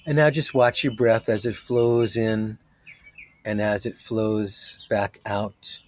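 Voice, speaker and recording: A man leading a guided meditation as its teacher, talking softly and drawing out each phrase. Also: on the low side, level tone. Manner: slow, soft-spoken, drawn-out phrasing.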